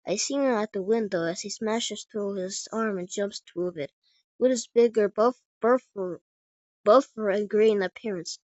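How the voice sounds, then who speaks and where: A woman's voice: mid-range voice, measured pace, a little mellow, no room sound. Woman telling a made-up fan story, trips over words a lot, dull dry audio. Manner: stumbling, frequent restarts. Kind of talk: improvised fan story narration.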